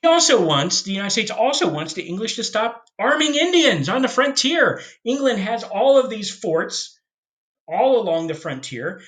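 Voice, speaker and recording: A man giving a casual history lesson, telling the story with jokes and quick put-on voices for the historical figures. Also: sits high, sing-song, fairly bright tone. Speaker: history teacher.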